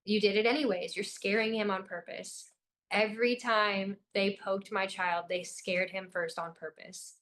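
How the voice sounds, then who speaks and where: A woman's voice: medium pitch, fairly even intonation, normal speed, fairly bright tone. Young adult woman, interview guest, from Illinois; intense, urgent storyteller, mid-range voice. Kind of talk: personal account in an interview.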